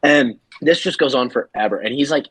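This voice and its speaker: A man's voice: medium pitch, brisk, a bit bright, breathy edge, no room sound. A man co-hosting a podcast, telling a story casually and animatedly with plenty of laughter. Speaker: podcast co-host.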